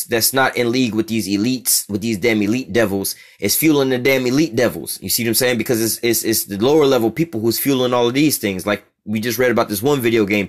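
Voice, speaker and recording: A man preaching at a quick clip in a mid-range voice. He reads a passage aloud and breaks it down in blunt, cursing street talk, checking in again and again with "you see what I'm saying?". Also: medium pitch. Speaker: religious teacher. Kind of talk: street-style religious teaching, reading and explaining a text.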